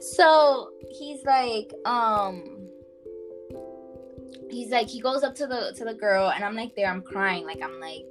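A young woman casually telling a personal story to a friend on a podcast, animated and full of fillers, calling her listener "girl". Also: fairly high pitch, slow pace, over music.

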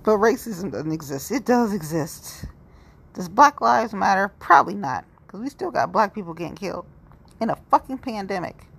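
A woman's voice: medium pitch, animated, normal speed, vocal fry, fairly bright tone, husky. A woman in her forties giving a rambling, blunt and profane monologue to camera. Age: 40s. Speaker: vlogger. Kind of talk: candid monologue.

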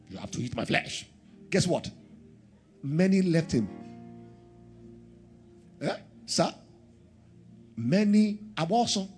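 Man, preaching, very expressive pitch, raspy edge, shouts then hushes. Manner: animated, swings from shouting to hushed prayer. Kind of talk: sermon.

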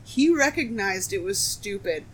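A woman from the Midwest, co-hosting a podcast, telling stories in a casual, profane, animated way. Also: medium pitch, unhurried, slight background noise. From American Midwest. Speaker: podcast co-host. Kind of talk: casual chat.

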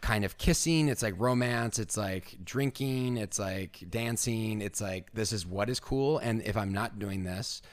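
A young man with a lowish voice hosts a podcast in casual chat. He rambles through his points and strings them together with "like" after "like.". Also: measured pace, few pauses. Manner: rambling, fills every phrase with "like". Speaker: podcast host.

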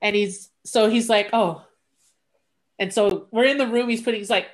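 Chatting casually with a friend, a woman with a slightly high voice and normal speed bluntly and candidly recounts something that happened to her. She stumbles and restarts often, acting out each exchange by quoting everyone's words.

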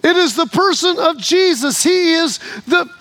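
A man's voice: extremely high pitch, expressive, measured pace, sharp tone. A male pastor preaching a sermon, emphatic, with repeated phrases and restarts.

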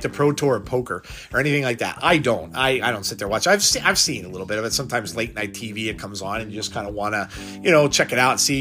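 Rambling man with a high voice. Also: a bit bright. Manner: rambling, repeats words and restarts sentences. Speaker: podcast host. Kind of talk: unscripted solo podcast talk.

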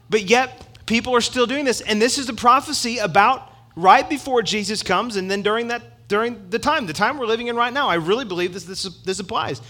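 Guy preaching a sermon, pretty high voice, punchy and chatty, middle-aged. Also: sharp tone. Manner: preachy, emphatic and conversational with asides. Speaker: pastor.

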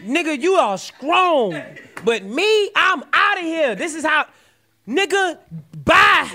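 A man with a Southern US accent and a very high, bright, forceful voice riffs on a comedy podcast. He tells stories loudly and animatedly, often breaking into shouts and laughter. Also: very animated, takes it slowly. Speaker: podcast co-host. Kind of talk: comedic riffing podcast banter.

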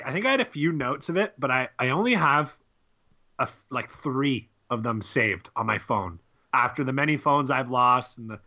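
A man's voice: medium pitch, sharp tone, dull audio. A young man co-hosting a podcast, rambling and laughing as he tells stories, swearing freely. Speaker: podcast co-host. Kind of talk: casual chat.

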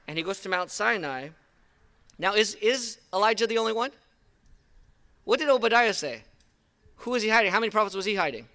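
A man delivers an outdoor sermon in a high, bright voice. He tells the stories conversationally, with an animated pulse that leans toward his listeners. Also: a little fast, long pauses. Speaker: pastor. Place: outdoor service.

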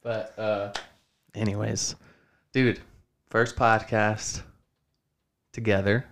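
A man's voice: fairly low pitch, little pitch movement, slow, a bit bright, a little hiss or hum. A young man hosting a casual podcast from his home studio, swearing a lot and saying "dude" constantly as he rambles. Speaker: podcast host.

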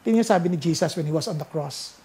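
A preacher with a Filipino accent delivering a sermon, mixing Tagalog and English, who swings between loud exclamations and hushed, slow scripture reading. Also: medium pitch.

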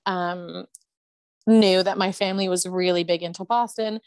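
A woman's voice: lowish voice, steady tone, moderate pace, darkish tone, clean tone, no echo. A woman co-hosting a casual chat podcast, gushing and giggly. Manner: gushing, giggly, says "oh my God" a lot. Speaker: podcast co-host.

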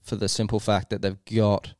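A man's voice: lowish voice, level tone, normal speed, a little mellow, dry recording, clean studio sound. A man co-hosting a casual sports podcast, chatty and teasing, hedging his opinions. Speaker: podcast co-host.

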